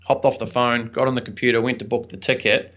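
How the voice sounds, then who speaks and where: A man's voice: medium pitch, little pitch movement, quick pace, a bit bright. A young man, a podcast guest and entrepreneur, telling a personal story in an earnest, reflective, chatty way with some fillers. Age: young adult. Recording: slightly dull lo-fi audio.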